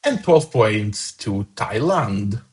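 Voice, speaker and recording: A man's voice: fairly low pitch, big pitch swings, takes it slowly, husky, poor audio. A man hosting a fan song contest, casually reading out each voter's points with chatty asides. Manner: casual, chatty, upbeat about scores. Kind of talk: live commentary reading out votes.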